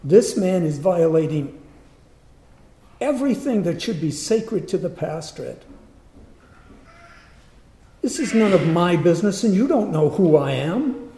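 A man telling a personal story in a sermon, in an earnest, animated way. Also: high-pitched, unhurried, long pauses. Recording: roomy echo.

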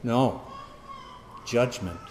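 A man's voice: mid-range voice, drawn-out words, noisy background. A man preaching a sermon as pastor, reading scripture with emphatic, dramatic stress.

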